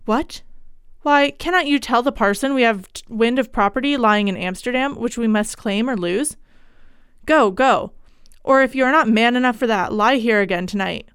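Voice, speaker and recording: A woman's voice: a little high, normal speed, a bit bright, clear, resonant tone, no room sound, clean studio sound. A woman voicing a stern older mother in a period ghost story, urgent and commanding.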